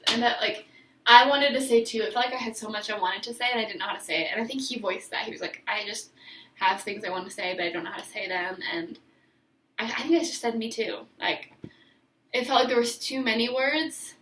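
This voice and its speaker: A woman's voice: on the high side, a bit bright, distant mic, a little hiss or hum. A young woman vlogger telling a personal story in a rambling, emotional way, full of fillers and restarts, recorded a little away from the mic in an echoey room.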